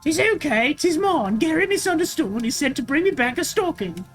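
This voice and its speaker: A man voicing a proud, meddling middle-aged male builder with a high, breathless delivery. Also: sing-song, fairly quick, fairly bright tone, soft background music, full character voice. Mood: boastful.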